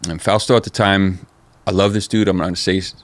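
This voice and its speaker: A middle-aged man telling stories in a casual interview, animated and profane, full of "dude" and "man.". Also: sits low, a little fast, no echo. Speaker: interview guest, former skateboard company manager.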